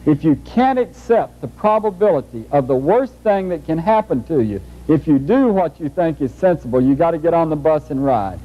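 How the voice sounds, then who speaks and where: A man's voice: fairly high pitch, big pitch swings, normal speed. A man giving a lecture in a folksy, humorous storytelling manner, heard on a muffled old videotape. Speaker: speaker.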